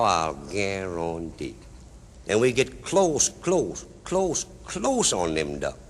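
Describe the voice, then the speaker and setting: A man's voice: medium pitch, fairly bright tone, in a large hall. A man with a Cajun accent telling comic dialect stories to a live audience in a folksy drawl. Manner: folksy drawl, broken-English dialect tales. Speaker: storyteller. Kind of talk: live comedy storytelling.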